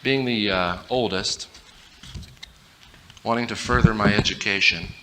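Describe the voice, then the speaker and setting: Guy on stage telling funny family stories, really bright voice, laughs a lot, faint hiss behind. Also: on the low side, a little slow. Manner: animated, comic, laughing through the story. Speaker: motivational speaker. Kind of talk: humorous storytelling talk. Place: stage before a live audience.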